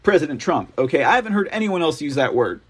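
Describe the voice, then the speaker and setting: Husky-voiced man hosting a rambling news show. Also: on the high side, sing-song, quick pace. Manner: rambling, wry, laughs at his own jokes. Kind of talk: casual political commentary, reading articles aloud.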